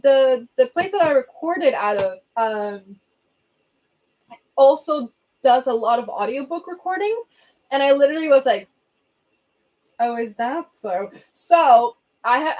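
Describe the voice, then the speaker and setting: A young Venezuelan woman, a Spanish speaker with a Venezuelan accent, chatting bubbly and fast on a phone livestream from a reading corner at home. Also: high voice, a little mellow. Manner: bubbly, chatty, quick asides and laughs. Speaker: livestream host. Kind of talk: casual livestream chat reading comments.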